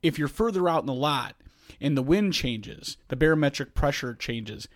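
A man's voice: on the high side, animated, normal speed, no room sound. Dry-humored man chatting on a podcast. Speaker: podcast co-host. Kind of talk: casual chat.

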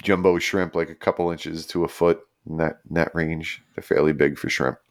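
A man's voice: very deep voice, steady tone, moderate pace. A man co-hosting a casual podcast, explaining animal facts in a laid-back, loose way. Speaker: podcast co-host. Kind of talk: casual chat.

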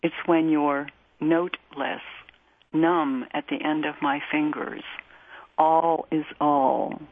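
A woman radio host reading a poem aloud in a measured, deliberate way and introducing a song. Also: deep voice, steady tone. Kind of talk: poetry reading and music introduction. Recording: tinny phone-like line.

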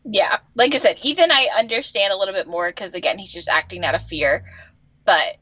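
A woman's voice: brisk, no room sound, dull audio. A woman co-hosting a podcast in casual chat, exasperated and swearing as she reacts. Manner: exasperated, swears, lively pitch swings. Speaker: podcast co-host. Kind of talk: casual chat recapping a TV episode.

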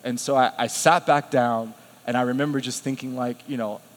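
A man preaching a sermon, telling a personal story with lively self-quotes and frequent laughs. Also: medium pitch, normal speed. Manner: animated, laughs often, quotes himself. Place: church sanctuary. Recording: long hall reverb.

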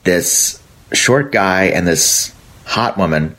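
A man's voice: sits low, lively intonation, slow pace, a bit bright. A man sending a recorded voice message to a podcast, rambling through a memory and laughing at it. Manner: rambling storytelling, laughs at his own tale.

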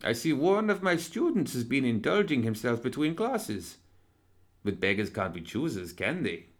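A man voicing a genteel, pompous male professor who teaches undeath and operates as a surgeon, speaking in a courtly, excitable manner. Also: medium pitch, normal speed, voice pushed up. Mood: relishing. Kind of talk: audiobook character reading.

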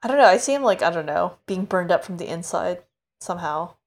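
A woman's voice: on the low side, lively intonation, a little fast. A woman hosting a podcast in easygoing, self-deprecating casual chat. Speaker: podcast host.

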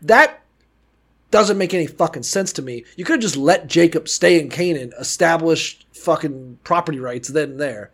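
Animated, profane casual man. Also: on the high side, moderate pace. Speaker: podcast co-host. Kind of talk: casual chat.

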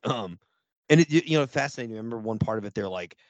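A man co-hosting a casual movie podcast, joking around with profane quick reactions. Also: fairly low pitch, animated, no echo. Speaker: podcast co-host.

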